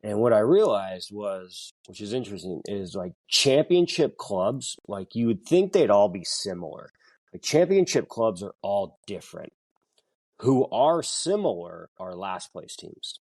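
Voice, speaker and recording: Low-voiced man telling baseball stories. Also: lively intonation, a little slow, darkish tone, no room sound. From Northern California. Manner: rambling, lots of fillers and restarts. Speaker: podcast guest, former pro baseball player. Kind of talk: casual interview storytelling.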